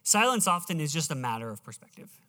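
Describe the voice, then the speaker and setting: A male pastor preaching a sermon, emphatic and slowing down as he reads scripture aloud in a church auditorium. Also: on the high side, big pitch swings, sharp tone. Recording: reverberant hall, live church sound.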